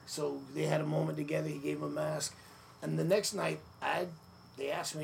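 A man telling stories in a relaxed sit-down interview, with many fillers, acting out the quotes of others. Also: on the high side, moderate pace, gravelly. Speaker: podcast guest, former wrestler. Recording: noisy room ambience.

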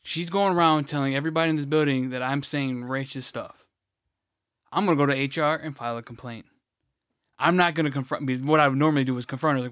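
A man's voice: mid-range voice, steady tone, quick pace, a bit bright, clean tone, no room sound, clean studio sound. A man co-hosting a podcast, telling stories in a profane, ranting way. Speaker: podcast co-host. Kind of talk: casual chat.

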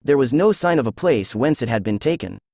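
A synthesized male voice reading the lines of a confident, precise male detective in an even, measured way. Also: medium pitch, no echo. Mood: calm.

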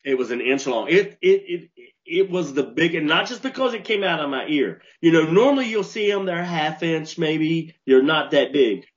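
Brief: male co-host, fairly high voice, animated storyteller, dull lo-fi podcast sound. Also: moderate pace. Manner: animated storyteller, repeats and restarts when worked up. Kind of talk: casual storytelling chat.

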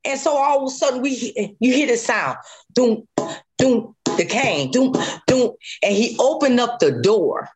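A woman guest telling her own survival story in an interview, animated, acting out what people said and repeating phrases. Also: fairly high pitch, unhurried, background noise. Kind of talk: emotional personal testimony.

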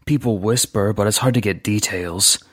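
A man's voice: lowish voice, normal speed, dry recording, clean studio sound, close to an everyday voice. A man voicing an ambitious, ingratiating male street hustler who pleads earnestly for a break. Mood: pleading. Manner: pleading, earnest, repeats names.

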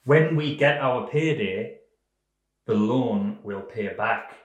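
Mid-pitched podcast host, smug and evasive, in a roomy echoey space. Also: male voice, takes it slowly, recorded from a distance, dull audio. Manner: overconfident, deadpan, evasive. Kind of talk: comedic podcast banter.

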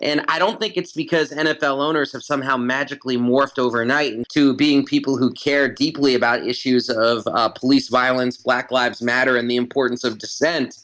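A man talks as a guest in an interview, building his argument point by point. His voice is bright and forceful, and he leans on repeated phrases for emphasis. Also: medium pitch, fairly even intonation, fairly quick, few pauses, poor audio. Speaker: guest commentator. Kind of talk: analytical interview talk.

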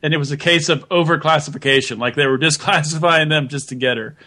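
Man, roundtable guest, higher voice, matter-of-fact. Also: fast, pushed and bright. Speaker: podcast guest. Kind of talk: casual roundtable chat.

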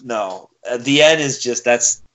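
A relaxed male podcast co-host who laughs along with his partner. He reads out news items in an easy, casual way, with a voice of middling pitch. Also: unhurried.

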